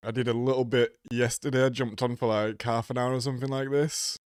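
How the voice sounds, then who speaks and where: A man's voice: mid-range voice, level tone, fairly quick, clean tone, dry recording, clean studio sound. A man hosting a casual live stream, nasal and congested from a cold, greeting viewers by name.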